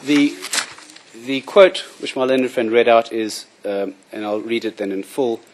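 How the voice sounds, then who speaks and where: A man making a formal, measured courtroom submission as prosecution counsel. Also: medium pitch, slight background noise.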